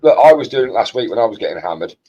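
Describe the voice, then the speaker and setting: A man co-hosting a hobby livestream in casual chat, laughing often and talking softly to a dog. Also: medium pitch, sing-song, racing. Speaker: co-host of a modelling livestream. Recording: dull lo-fi stream audio.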